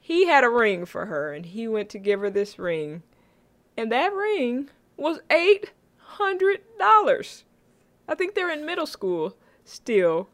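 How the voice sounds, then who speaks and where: A woman's voice: fairly high pitch, sing-song, slow. A woman co-hosting a casual chat about a sitcom, retelling scenes dramatically and laughing often. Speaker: podcast co-host.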